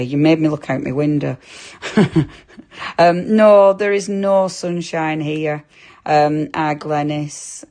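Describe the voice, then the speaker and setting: A woman's voice: sits low, gravelly, a little mellow. A chatty woman with a Lancashire accent, presenting a live craft demo and chatting with viewers, full of tag questions. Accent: Lancashire English. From Lancashire, England.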